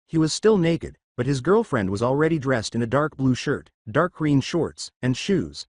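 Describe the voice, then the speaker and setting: A man's voice: medium pitch, very animated, normal speed, no room sound. Casual: guy reading a fanfic story, voice goes up and down a lot, super dry close sound. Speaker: narrator.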